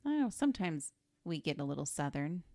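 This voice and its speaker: A woman's voice: deep voice, sing-song, fast talker, dark tone, no echo, clean studio sound. A woman co-hosting a podcast, chatting casually about a film with wry, sarcastic asides. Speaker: podcast co-host.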